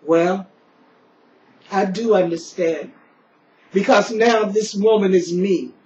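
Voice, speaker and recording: A woman's voice: mid-range voice, takes it slowly, a little mellow, a little hiss or hum. Grieving middle-aged woman reciting a poem. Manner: solemn, grieving, refrain-driven recitation. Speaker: poet. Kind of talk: spoken-word poetry recital. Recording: roomy, dull lo-fi recording.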